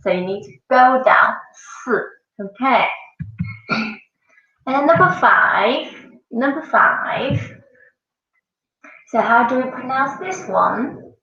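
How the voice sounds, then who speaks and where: A woman teaches a classroom lesson at a slow, patient pace, saying each sound several times over. Her voice carries a gravelly edge. She is picked up from across an echoey room on a dull-sounding mic. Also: sits high, expressive, pushed and bright, far from the mic. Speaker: Mandarin teacher. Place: school classroom.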